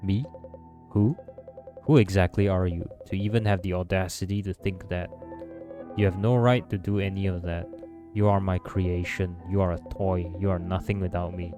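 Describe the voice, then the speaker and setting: A man's voice: low voice, fairly even intonation, moderate pace, over music, natural voice. A man voicing a scornful, mocking male creator god who talks down to those he made, read aloud while playing a story game. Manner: mocking, condescending.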